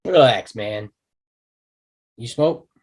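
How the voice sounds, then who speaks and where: A laid-back wisecracking cop. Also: male voice, mid-range voice, expressive, extremely slow, breathy edge, heavily acted. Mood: calm, wry. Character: tough wisecracking male cop. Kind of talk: table read over video call.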